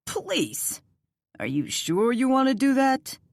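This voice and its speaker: A woman narrator voicing an angry man who shouts commands at a stranger, in an audiobook. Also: on the high side, big pitch swings, normal speed, vocal fry, dry recording, voice pushed up. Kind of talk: audiobook character voice.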